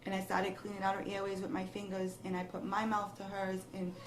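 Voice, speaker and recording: A young woman gives an interview, recounting a frightening personal experience in a steady, low-key voice that grows more emotional as the story goes on. The room carries a noticeable echo, with a faint hiss of background noise under her words. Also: fairly quick. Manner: breathless, rising emotion, quoting others in the retelling.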